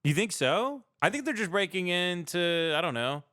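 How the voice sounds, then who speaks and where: A man hosting a comedy podcast, tossing out deadpan absurd jokes in casual banter. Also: high-pitched, normal speed, dry recording, studio quality. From California. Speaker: podcast host.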